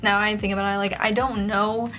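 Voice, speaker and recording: A young woman vlogger tells a story from her school days in a chatty, animated manner, peppering her speech with "like." Her voice sits in a middle register and jumps up in pitch when she gets excited. Soft music runs quietly in the background. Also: a little fast. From Mexican heritage. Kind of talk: casual storytime vlog.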